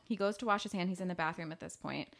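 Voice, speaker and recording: A woman co-hosting a casual chat, retelling a film scene by scene with lively mock outrage and frequent laughter. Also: on the low side, fast, gravelly. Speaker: podcast co-host.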